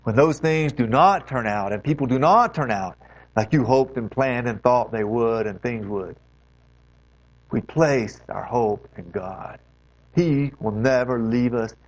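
A man's voice: medium pitch, unhurried. A man preaching a sermon as pastor, earnest and exhorting, leaning hard on key phrases. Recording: dull lo-fi recording.

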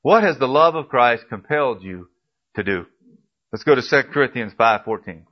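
In a dull, lo-fi recording, an animated pastor preaches a sermon at normal speed. He presses listeners with repeated emphatic questions, swinging between quiet, low asides and loud, rising appeals.

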